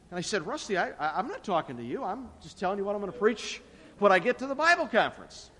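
A high-voiced man preaching a sermon, his delivery swinging widely in pitch and loudness for emphasis. His voice carries a long echo from a large church sanctuary. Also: very animated, quick pace. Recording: long reverb of a large hall.

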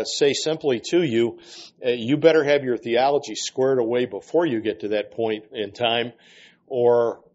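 A man's voice: medium pitch, a little mellow. A man teaching a workshop for ministers, speaking earnestly with frequent fillers. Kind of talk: lecture with reading aloud. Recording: dull lo-fi recording.

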